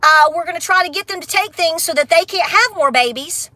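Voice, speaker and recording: A woman's voice: extremely high pitch, fairly quick, bright, forceful tone, no echo. A middle-aged woman, ranting bluntly on a casual livestream, then laughing and affectionate with her viewers. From Appalachia. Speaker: homestead vlogger.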